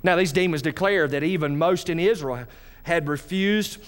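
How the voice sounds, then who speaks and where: A man preaching a sermon, animated, speaking directly to his congregation. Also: a little high, moderate pace, clean tone. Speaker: pastor.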